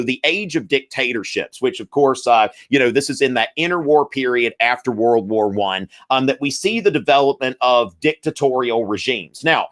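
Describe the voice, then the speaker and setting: A man's voice: medium pitch, a bit bright. A man, hosting a live-streamed history review, chatty and full of fillers, calling the viewers y'all.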